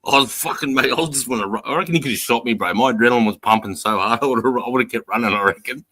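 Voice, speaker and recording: A man's voice: mid-range voice, very fast, bright, forceful tone, dry recording. A middle-aged Australian man and former army instructor, telling stories in casual chat, swearing often and laughing. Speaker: podcast co-host, ex-army instructor.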